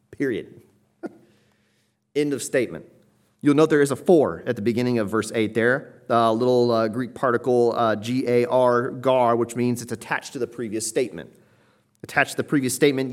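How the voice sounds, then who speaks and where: A man's voice: mid-range voice, moderate pace. A man teaching through a Bible passage verse by verse, explaining the Greek text and stressing key points with emphasis. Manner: explanatory, emphatic, quotes commentators.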